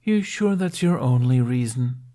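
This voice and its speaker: A man's voice: medium pitch, lively intonation, normal speed, a little mellow, voice pushed up, natural voice. A man voicing a mischievous, teasing young trickster who smirks and quips. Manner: playful, smirking.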